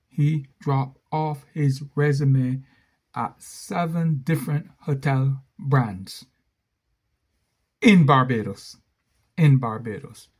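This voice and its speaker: A man's voice: on the high side, darkish tone, breathy edge. A man telling a story in a monologue, stressing points and repeating key phrases for effect.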